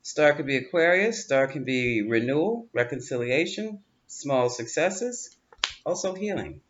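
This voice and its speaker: A male tarot reader with a fairly high, fairly bright voice and lively intonation keeps a measured pace. He's chatty and coaching, reassuring in tone, frequently repeating words and laughing. Dull lo-fi audio carries faint room ambience.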